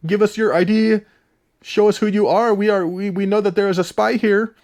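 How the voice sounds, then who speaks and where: A man's voice: sits high, fairly even intonation, normal speed, darkish tone, pitched above the performer's own voice. A man voicing a stern Russian soldier who is hunting for a spy and barking orders at him. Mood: demanding.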